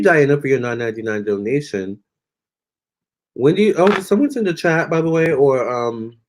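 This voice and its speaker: A young man talks loosely through his live tarot stream, thanking viewers and answering their comments. His voice sits at a middling pitch. He drifts through his thoughts with fillers and false starts. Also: a little mellow. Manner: rambling, chatty, many fillers and restarts. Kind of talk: casual live-stream chat reading comments.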